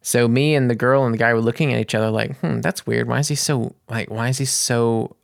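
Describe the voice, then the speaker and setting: A man's voice: medium pitch, steady tone, a little fast, vocal fry, dry recording, studio quality. Rambling man telling a story. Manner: rambling, restarts and searches for words. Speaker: vlogger. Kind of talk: casual storytelling to camera.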